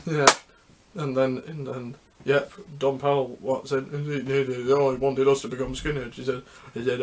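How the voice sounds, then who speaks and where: A man hosting a music history video, talking casually and unscripted, rambling and halting with many restarts. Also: mid-range voice, level tone, a little mellow.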